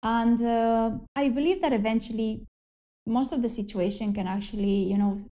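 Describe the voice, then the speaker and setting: A woman with a Spanish accent, a native Spanish speaker teaching English in a relaxed chat, laughing often and correcting herself. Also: fairly high pitch, normal speed. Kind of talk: casual conversational lesson.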